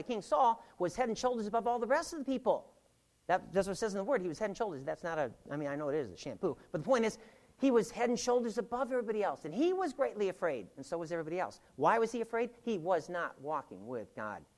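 Bible study teacher, lively swooping pitch, jokey asides, hammers points home by repeating them. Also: fast talker. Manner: animated, joking asides and puns; repeats key points for emphasis.

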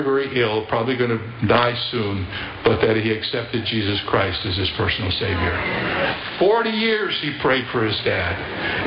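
A male preacher urges his listeners onward in a sermon. His voice echoes around the room. The recording is dull and carries clear background noise. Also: medium pitch. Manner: urging, exhortative.

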